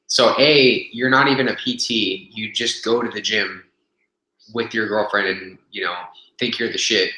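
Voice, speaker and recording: Recorded through a webcam in an echoey room, a young man tells a gym anecdote on a casual webcast. His voice is lowish, steady, bright and forceful, moving at a moderate pace. He rambles, swears a lot, and keeps using fillers and starting over.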